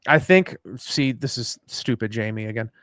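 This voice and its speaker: A man's voice: medium pitch, animated, moderate pace, fairly bright tone, clean tone, no room sound, clean studio sound. A man co-hosting a live podcast, chatting loosely and rambling, swearing casually. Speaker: podcast co-host. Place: at home after dinner.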